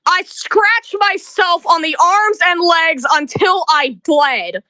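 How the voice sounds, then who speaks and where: A woman's voice: extremely high pitch, expressive, slow pace, bright, forceful tone, no room sound. A woman ranting to camera in an emotional vlog, bitter and accusing, stammering and repeating words. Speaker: video creator.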